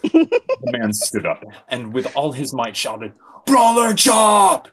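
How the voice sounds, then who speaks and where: A man's voice: mid-range voice, slow, breathy edge. A man giving a comedic dramatic reading of fan fiction, breaking into giggles. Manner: expressive, giggling.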